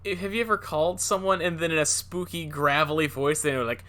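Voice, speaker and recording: Bright-voiced rambling male podcaster. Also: a little high, fairly quick, hardly any pauses. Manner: rambling, many fillers and restarts. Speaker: podcast co-host. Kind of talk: casual chat.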